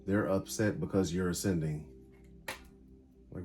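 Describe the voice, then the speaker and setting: Brief: male tarot reader, casual and emphatic, short card-by-card bursts, soft music underneath. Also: fairly low pitch, moderate pace. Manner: talks through cards in short bursts, animated and emphatic.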